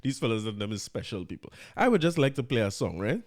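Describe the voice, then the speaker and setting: A man's voice: fairly low pitch, big pitch swings, fast talker. Trinidadian man hosting a podcast. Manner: chatty, laughing, opinionated asides. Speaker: podcast host. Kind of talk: casual commentary.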